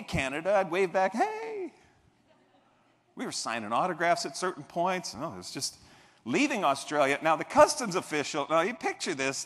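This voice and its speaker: A man's voice: fairly high pitch, a bit bright. A man on stage giving a motivational keynote, telling funny stories with playful asides to the audience. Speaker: keynote speaker. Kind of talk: motivational keynote with humorous storytelling. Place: large convention hall stage. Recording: echoey convention hall.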